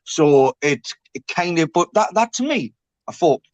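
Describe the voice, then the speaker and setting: Casting: male panel guest, chatty and sweary, slightly higher voice, dry close sound. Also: big pitch swings, measured pace, darkish tone, no echo. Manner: sweary, rambling, matey. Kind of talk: casual chat.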